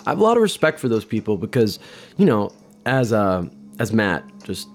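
A man's voice: lowish voice, big pitch swings, normal speed, soft background music. Rambling guy chatting over a movie. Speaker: vlogger doing movie watch-along commentary. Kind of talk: casual commentary.

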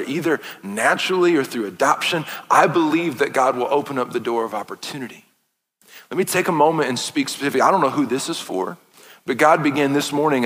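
A man's voice: medium pitch, fairly bright tone. A man in his thirties, a pastor preaching an earnest, impassioned sermon in a church, breaking into playful asides. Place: church sanctuary. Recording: long reverb of a large hall.

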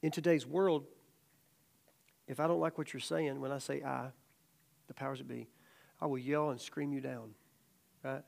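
A middle-aged man teaching a casual Bible study as a sermon, telling stories animatedly and acting out quotes loudly. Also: medium pitch, fairly even intonation, normal speed, vocal fry, pauses often.

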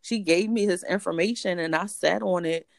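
A woman guest telling a personal story in an animated way, acting out the voices of others. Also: on the low side, moderate pace, vocal fry, no echo, clean studio sound. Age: adult. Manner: animated, acts out voices in quotes. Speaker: interview guest.

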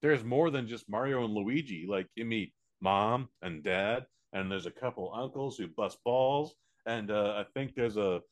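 An American man co-hosting a podcast, reviewing a movie in casual, profane chat with quick silly voices. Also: fairly low pitch. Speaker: podcast co-host.

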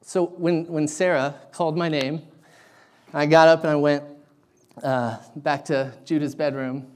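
A man preaching a sermon, telling a personal story in an animated, self-deprecating way. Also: fairly high pitch, unhurried. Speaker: pastor.

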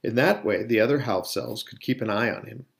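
A man reading as a wry old wizard headmaster, polite and unhurried. His phrasing is formal and measured, in a storybook reading. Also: lowish voice, gravelly. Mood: calm.

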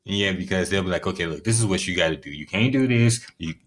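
A man co-hosting a casual podcast with a fairly low voice. He speaks in an easygoing, friendly way and chuckles along as he talks. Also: expressive, fast talker. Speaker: podcast co-host. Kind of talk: casual chat.

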